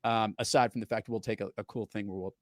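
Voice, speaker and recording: A middle-aged podcast host chats casually and tells stories in a fairly low, fairly even voice at a quick pace. The sound is clean studio quality with no room sound.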